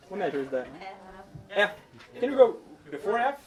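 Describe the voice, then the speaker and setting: Male conductor mid-rehearsal, high voice, distant mic, ensemble playing around him, sings rhythms as he explains. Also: sing-song, moderate pace, darkish tone, soft background music. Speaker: orchestra conductor. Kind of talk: rehearsal instructions. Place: orchestra rehearsal room. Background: orchestra playing.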